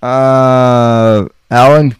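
Slow-talking man with a smooth voice. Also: mid-range voice, steady tone, no echo. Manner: slow and deliberate, with frequent pauses and fillers. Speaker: podcast host. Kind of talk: casual call-in chat.

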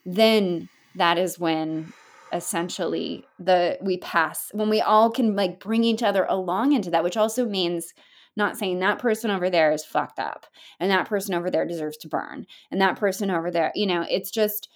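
A woman's voice: on the low side, moderate pace. A woman speaking as a guest in a candid interview, telling a story earnestly and in a rambling way, full of restarts and filler words, and swearing casually. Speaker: podcast guest.

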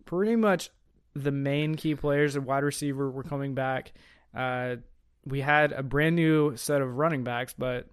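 A man's voice: medium pitch, unhurried, smooth, no room sound, studio quality. A man hosting a casual sports podcast, talking in bursts with lots of fillers and restarts. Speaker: podcast host.

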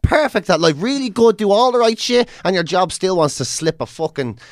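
A man's voice: high voice, a little fast, no echo, clean studio sound. A man with an Irish accent hosting a casual chat, telling stories bluntly and with lots of swearing. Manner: profane, blunt, animated storytelling.

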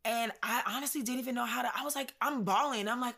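A woman's voice: on the high side, fast, vocal fry, hardly any pauses, pushed and bright. A woman co-hosting a podcast, telling a personal story in a casual, reflective way with slang and plenty of fillers. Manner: reflective, conversational, uses slang and many fillers. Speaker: podcast co-host.

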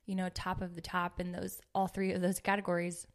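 A woman's voice: lowish voice, completely flat delivery, fairly quick. A woman in her thirties hosting a casual faith podcast, earnest and playful, sometimes reading scripture aloud. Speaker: podcast host.

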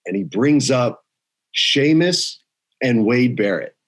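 A man in his forties, a guest on a podcast, telling stories in an animated way and laughing often. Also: slow pace. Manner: animated storyteller, drops low for quoted voices, laughs often. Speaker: podcast guest, actor and former wrestling writer. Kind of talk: casual storytelling.

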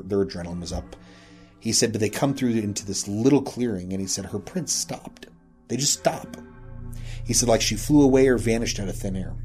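A man's voice: fairly low pitch, a little mellow. A man from Wyoming earnestly retelling a secondhand ghost story in a casual podcast chat. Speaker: podcast host and guest storyteller.

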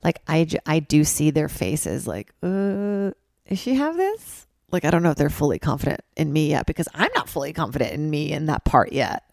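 A young woman with a low, gravelly voice rambles through a casual solo podcast in a hotel room. She mocks herself and breaks into loud, high-pitched bits. The sound is close and dry. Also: expressive, a little fast, hardly any pauses, no echo. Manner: loose, rambling, self-mocking, swings into loud high bits. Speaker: podcast host. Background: ice machine outside.

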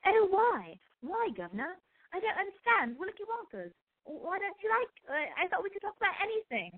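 A woman voicing a clueless, gushing English teenage boy with a high, exaggerated put-on English accent. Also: very animated, normal speed. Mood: puzzled. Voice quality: high, exaggerated, sing-song. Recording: tinny phone-like audio.

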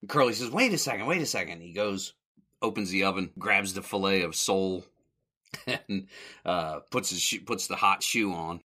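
A man with a fairly low voice and a bright, forceful edge recaps an old comedy short in a loose, conversational way. He rambles, corrects himself and chuckles as he goes. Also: steady tone, normal speed. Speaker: podcast host.

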